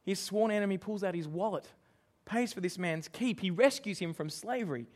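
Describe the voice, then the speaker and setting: A man's voice: sits high, moderate pace. A man preaching a sermon, emphatic and asking his listeners questions. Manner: emphatic, asks the congregation questions.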